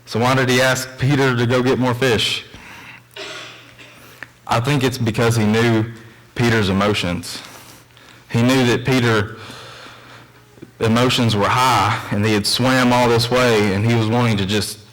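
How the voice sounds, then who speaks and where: A man's voice: medium pitch, steady tone, measured pace, pauses often, fairly bright tone, rough recording. A young man preaching a sermon in a church, mixing scripture reading with earnest, conversational storytelling asides.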